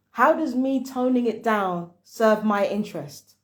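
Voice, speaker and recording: A woman's voice: fairly high pitch, unhurried. A woman vlogger giving blunt, heated commentary on a phone call, cussing and ranting.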